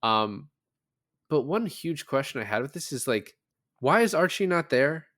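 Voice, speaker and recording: A man's voice: on the high side, very animated, a little slow, fairly bright tone, no echo, studio quality. A man co-hosting a podcast, casually recapping a film and swearing freely as he talks. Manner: loose, swears freely, acts out quotes from the film. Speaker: podcast co-host.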